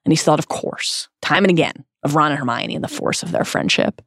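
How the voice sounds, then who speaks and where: A woman co-hosting a podcast, reading a scripted essay earnestly and dramatically, with slow, emphatic stresses. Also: low-pitched, gravelly, dry recording, clean studio sound. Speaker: podcast co-host.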